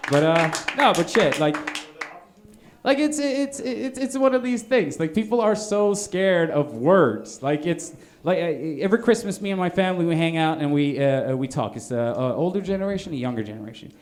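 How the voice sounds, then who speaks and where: A man's voice: on the high side, expressive, moderate pace. A man from Norway doing a live stand-up set in a comedy bar, rambling with stammered restarts and punchy asides.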